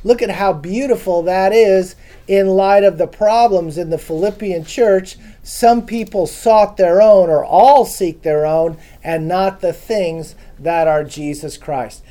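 A man teaches from the Bible to a small gathering in a loose, conversational way. His voice is mellow and dark, and he keeps turning to the listeners with questions. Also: high-pitched, takes it slowly. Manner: casual, chatty, asks the audience questions. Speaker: preacher. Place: room with a small live audience.

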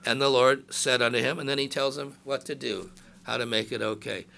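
An older man in his sixties gives a chatty sermon, full of asides and jokes to the people in front of him. His voice is gravelly with a bright, forceful edge, and it rises whenever he reads scripture aloud. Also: mid-range voice, fairly even intonation, brisk. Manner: conversational preaching with asides and jokes. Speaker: pastor.

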